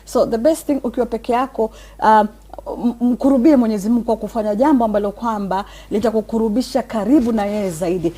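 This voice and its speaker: A woman speaks as a guest on a live talk show. Her voice is mellow and warm, and she is measured and earnest, weaving English into her Swahili. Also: a little high. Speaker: guest speaker, religious teacher.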